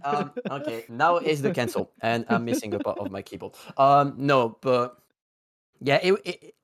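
A man's voice: medium pitch, expressive, normal speed, no room sound, studio quality. A man from Europe chatting casually on a podcast, hesitant, with many fillers and restarts. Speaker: podcast co-host. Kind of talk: casual chat.

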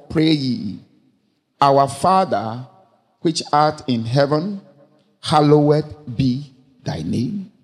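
A man with a fairly high voice preaches a sermon, quoting scripture between questions to his congregation. His words ring out with a long reverb, as from a large church hall.

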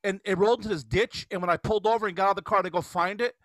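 Fast-talking, bright-voiced man telling a rambling story. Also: sits high, no room sound. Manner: rambling, animated storyteller with many restarts. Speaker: podcast host. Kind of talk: casual storytelling chat.

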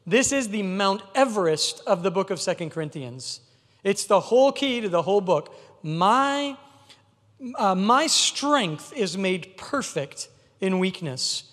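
A man's voice: high voice, very animated, unhurried, a bit bright. A man preaching a sermon as pastor, in an emphatic, conversational way. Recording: long hall reverb.

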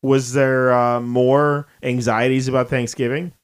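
A woman's voice: a bass voice, flat delivery, unhurried, clean tone. A woman co-hosting a podcast in casual chat, with dry, wry interjections. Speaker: podcast co-host.

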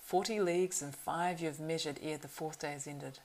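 A woman's voice: low-pitched, fairly even intonation, normal speed, a little mellow, lightly acted, low-quality recording. A woman voicing a proud young male horse-lord marshal in an audiobook reading, earnest and urgent.

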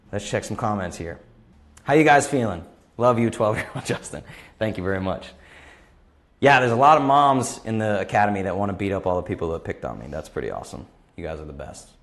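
A man in his thirties hosting a live question-and-answer stream, talking bluntly and passionately and repeating phrases for emphasis. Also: lowish voice. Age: 30s. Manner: impassioned, emphatic, gets worked up. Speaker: host of a live Q&A. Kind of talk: live-stream motivational talk.

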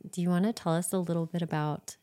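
Woman host, fairly low voice, casual and effusive. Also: steady tone, fast talker, warm tone. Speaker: podcast host. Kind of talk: casual interview chat.

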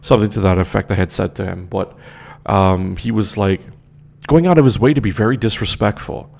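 Gravelly indignant young man ranting. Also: on the low side, a little fast, a little mellow. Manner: indignant, profane, repeats himself. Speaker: storyteller. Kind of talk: casual storytelling rant.

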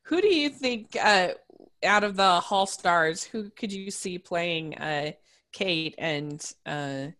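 Lower-voiced woman hosting a podcast. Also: slow, fairly bright tone. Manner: hesitant, many "uh"s, asks questions. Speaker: podcast host. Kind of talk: casual podcast chat.

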